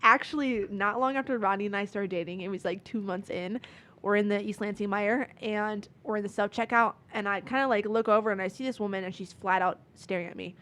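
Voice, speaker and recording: A woman's voice: medium pitch, a little fast, a bit bright. A woman in her twenties, a podcast guest telling her story in casual, earnest conversation full of "like" and "um". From Michigan, USA. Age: 20s. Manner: earnest, many "like" and "um" fillers.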